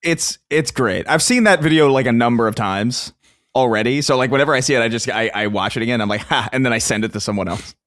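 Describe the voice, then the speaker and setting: A man co-hosting a casual gaming podcast, rambling through his thoughts with plenty of "like" and easy laughter. His pitch is mid-range for a man, and the recording is dry and close. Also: fast talker, a bit bright, no room sound. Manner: rambling, lots of "like", laughs easily. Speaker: podcast co-host. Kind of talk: casual chat.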